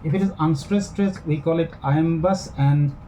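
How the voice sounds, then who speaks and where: Measured man lecturing on verse. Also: on the high side, mellow, a little hiss or hum, rough recording. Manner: measured, repeats and rephrases points. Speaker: English literature lecturer. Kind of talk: classroom lecture.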